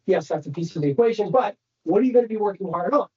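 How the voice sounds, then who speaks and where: High, mellow man giving a lively training talk. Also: racing, lo-fi sound. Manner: animated storytelling, addresses the crowd directly. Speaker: real estate speaker. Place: training center room.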